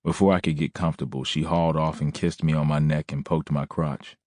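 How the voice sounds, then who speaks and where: Deep-voiced man narrating an audiobook. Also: little pitch movement, fairly quick, darkish tone, no room sound, clean studio sound. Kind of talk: first-person audiobook narration.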